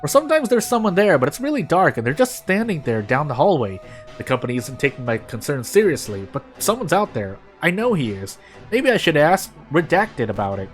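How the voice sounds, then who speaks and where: A lonely, anxious young office woman pours her days into a diary, as a man reads her lines aloud. Her voice sits high and leaps around with emphasis, cheerful one moment and fretful the next. Faint game music plays underneath. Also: sing-song, fairly quick. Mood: excited, uneasy.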